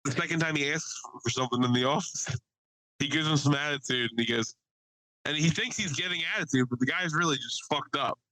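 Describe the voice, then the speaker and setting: Podcast co-host, man, bright forceful voice, dry close sound, swearing storyteller. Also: a little high, brisk, no echo, rough recording. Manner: animated anecdote-telling, swears freely, quotes others. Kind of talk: casual storytelling chat.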